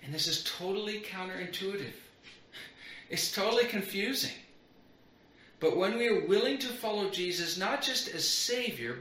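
A man's voice: high voice, pushed and bright. A middle-aged man preaching a sermon as pastor, earnest and building on repeated phrases. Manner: earnest, repetitive build-ups. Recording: roomy echo.

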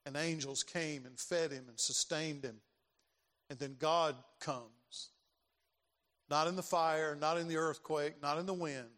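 A man's voice: on the high side, fairly even intonation, takes it slowly, a bit bright. An older man preaching a sermon as pastor, dramatic and given to repeating his phrases. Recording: long reverb of a large hall.

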